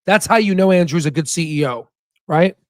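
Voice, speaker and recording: A man's voice: a little high, brisk, no room sound. A man hosting an investing channel, commenting emphatically on a clip and asking his listeners for agreement. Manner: emphatic, repeats points, asks the listeners for agreement.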